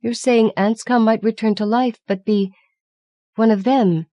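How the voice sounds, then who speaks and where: A woman's voice: a little high, fairly even intonation, a little slow, dark tone, no echo, pitched above the performer's own voice, close to an everyday voice. A woman reading the part of an anxious young woman devoted to her lover, speaking urgently and pleadingly.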